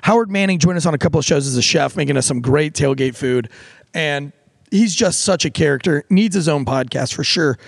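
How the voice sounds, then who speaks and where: A man's voice: a little high, creaky, no echo. A middle-aged man hosting a podcast, chatting casually with rambling asides and plenty of swearing. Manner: profane, rambling, quick asides. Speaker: podcast host. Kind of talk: casual podcast chat with a host-read ad.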